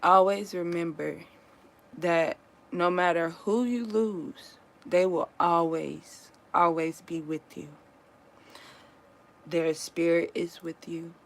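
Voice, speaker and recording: A woman talking casually to her viewers in an earnest, comforting and reflective way, pausing often and restarting her sentences. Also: lowish voice, fairly even intonation, poor audio. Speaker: vlogger sharing a personal story.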